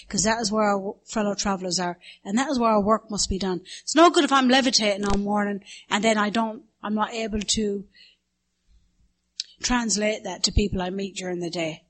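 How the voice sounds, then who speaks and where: A middle-aged Irish woman speaks candidly to a recovery meeting and laughs at herself as she tells her story. She slips into other people's voices as she tells it, and her voice sits at an ordinary pitch for a woman. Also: steady tone, a little fast. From Ireland. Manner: candid and self-mocking, acts out others' voices. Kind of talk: personal story told to a meeting.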